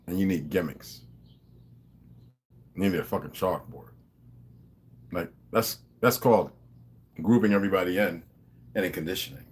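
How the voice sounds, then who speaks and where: A man delivering a profane, confrontational monologue, lecturing his viewers. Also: low-pitched.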